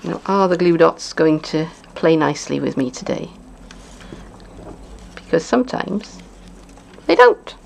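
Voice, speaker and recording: A woman's voice: deep voice, unhurried, creaky, long pauses, a little mellow, a little hiss or hum. A woman demonstrating card making in a casual craft tutorial, chatty and thinking aloud with playful asides. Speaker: papercraft demonstrator.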